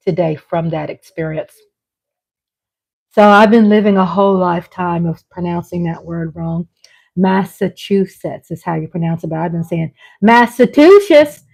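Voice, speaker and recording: A woman's voice: on the low side, creaky, a little mellow. A woman with a Southern US accent hosting a casual livestream vlog, chatty and playful, laughing often. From Texas. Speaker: vlog host.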